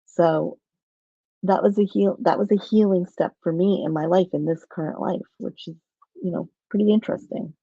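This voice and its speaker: A woman's voice: fairly low pitch, fairly even intonation, normal speed, creaky, warm tone, husky, no echo, dull audio. A woman telling a personal story in a rambling way, with many restarts, on a video call. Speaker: guest.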